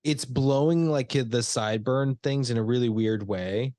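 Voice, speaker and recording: A man's voice: medium pitch, normal speed, dark tone, no room sound, studio quality. A young man co-hosting a casual movie podcast, laughing often and restarting his sentences. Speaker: podcast co-host.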